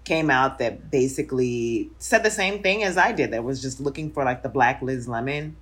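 A low-pitched woman in her forties speaks as an interview guest. She talks in a loose, reflective way, full of fillers. Her voice sits deep for a woman. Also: normal speed, husky. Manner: reflective, laughs often, many fillers. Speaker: guest, show creator. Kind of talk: casual interview conversation.

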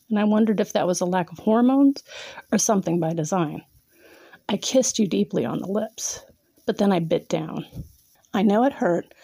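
A woman's voice: medium pitch, gravelly, warm tone, dry recording. A woman narrating a second-person erotic story in a teasing, domineering way, sometimes dropping to a whisper.

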